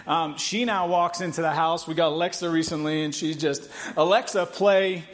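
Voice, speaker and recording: In a church hall, a male pastor with a fairly high voice preaches a sermon. He shares a personal story in an animated, playful way, tossing in quick asides and laughter.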